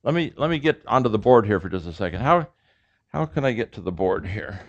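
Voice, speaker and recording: A male professor gives a classroom lecture in a lecture room, explaining sounds step by step with fillers and restarts. His voice is on the low side, very animated, and fairly quick, and the recording is dull and lo-fi.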